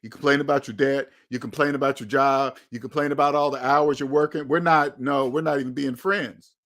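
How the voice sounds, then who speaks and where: A man's voice: mid-range voice, fairly even intonation, brisk, fairly bright tone. A man, hosting his own channel and giving blunt, emphatic advice in a candid monologue, often repeating phrases for stress. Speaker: channel host.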